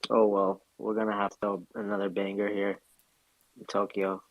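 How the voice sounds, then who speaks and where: A man's voice: lowish voice, completely flat delivery, normal speed, dry recording, phone-quality sound. A man chatting casually on a live audio call, laid-back and slangy, stumbling over his words. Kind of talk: casual chat.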